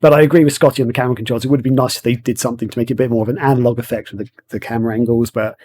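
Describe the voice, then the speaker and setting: Rambling English podcast host. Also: male voice, mid-range voice, fairly even intonation, rapid-fire, darkish tone. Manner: rambling, with many fillers. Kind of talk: casual podcast chat.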